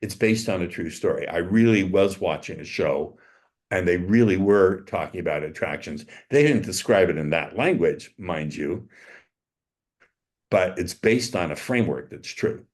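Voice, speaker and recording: A man giving an interview as a dating coach, telling a story in a slow, suggestive way with drawn-out emphasis on key words. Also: deep voice, darkish tone. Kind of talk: interview, demonstrating hypnotic language patterns.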